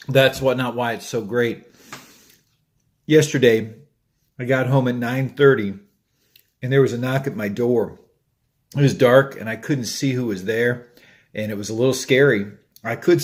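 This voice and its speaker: A man's voice: mid-range voice, moderate pace. A man gives a short devotional as a pastor, easygoing and conversational. He tells his story in a storytelling way and talks through a mouthful of food now and then. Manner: chatty, storytelling, eating while talking.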